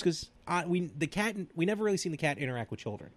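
Podcast co-host, male, high and very expressive, animated storyteller. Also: quick pace, dry recording. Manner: animated storyteller, acts out quotes with big pitch jumps. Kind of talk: casual chat.

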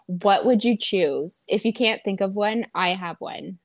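A woman's voice: medium pitch, unhurried, no room sound. Joking young woman co-hosting a podcast. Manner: joking, sarcastic, swears freely. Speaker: podcast co-host. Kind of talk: casual banter.

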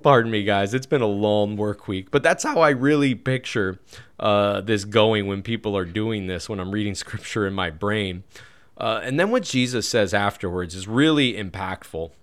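Low-voiced man giving a casual Bible talk. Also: moderate pace, clean tone. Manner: conversational, with restarts and asides to listeners. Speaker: Bible teacher.

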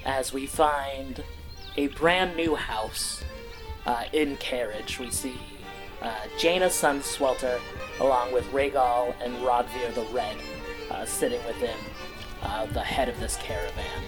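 A game master narrating a fantasy tabletop game in an unhurried way, with many fillers. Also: medium pitch.

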